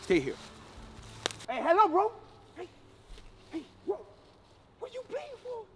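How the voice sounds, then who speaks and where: A man's voice: extremely high pitch, huge pitch swings, takes it slowly, over music. Whiny slangy young man. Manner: slangy and whiny, says "bro" constantly; mixes in French words. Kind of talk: joking complaining vlog.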